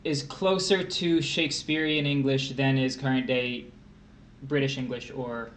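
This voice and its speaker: A man's voice: mid-range voice, steady tone, measured pace, a little hiss or hum. A man co-hosting a casual test prep livestream, playful and fond of pedantic asides.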